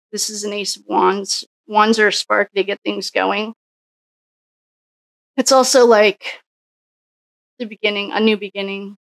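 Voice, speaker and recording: Woman tarot reader, gravelly fry, dry close sound, rambling think-aloud delivery. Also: medium pitch, a bit bright, dry recording. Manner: musing, thinks aloud with frequent restarts. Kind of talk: casual solo tarot reading.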